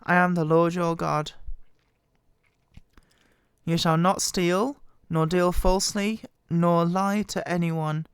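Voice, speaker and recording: Woman, hoarse with a cold, halting and quiet, smooth tone under the strain. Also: steady tone, dry recording. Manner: quiet, halting, voice wobbling in pitch. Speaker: Bible reader. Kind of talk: slow scripture reading. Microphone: very close to the microphone.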